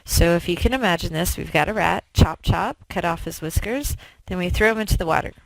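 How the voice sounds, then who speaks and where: A woman giving a talk who tells stories in an animated, conversational way with frequent fillers. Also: on the low side, fairly quick, gravelly, slight background noise, rough recording. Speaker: speaker. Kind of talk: storytelling public talk.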